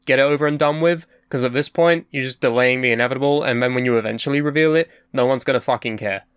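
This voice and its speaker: A man's voice: medium pitch, fast, fairly bright tone, clean tone, no echo. A man co-hosting a casual podcast chat, blunt and sarcastic. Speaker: podcast co-host.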